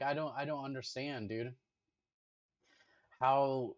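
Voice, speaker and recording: A man streaming and reacting to videos at home, chatting casually in a rambling, profane way, full of filler words. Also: medium pitch. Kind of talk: casual chat.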